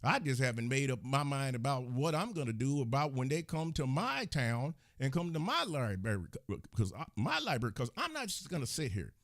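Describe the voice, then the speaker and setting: A man's voice: medium pitch, sing-song, moderate pace, few pauses, fairly bright tone, no echo, studio quality. A man hosting his own channel, delivering a heated, indignant commentary rant and scolding his viewers as he talks. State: agitated. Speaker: channel host. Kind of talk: angry commentary rant to the camera.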